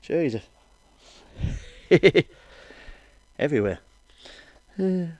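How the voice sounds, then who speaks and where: A man's voice: on the high side, very animated, extremely slow, darkish tone, no echo, highs cut off. A middle-aged man doing stand-up. He tells crude, sweary jokes, keeps asking "you know what I mean," and laughs at his own punchlines. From Wales. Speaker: comedian. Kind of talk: crude stand-up joke telling.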